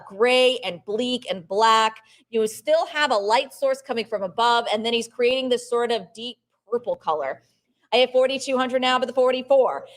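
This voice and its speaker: High-voiced woman calling a live auction. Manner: brisk chanted bid calls, coaxing bidders, quick art commentary.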